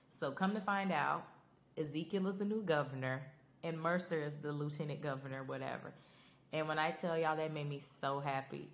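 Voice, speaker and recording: Young woman host, deep low voice, emphatic and chatty recap talk. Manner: chatty, emphatic, addresses listeners as y'all. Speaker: podcast host. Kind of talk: casual show recap.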